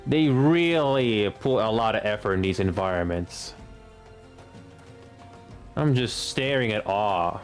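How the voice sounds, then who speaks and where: A man in his late twenties streams a game and comments on it casually. He has a fairly low voice and a halting delivery, stumbling over words and restarting them. Faint game music runs underneath. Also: expressive. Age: late 20s.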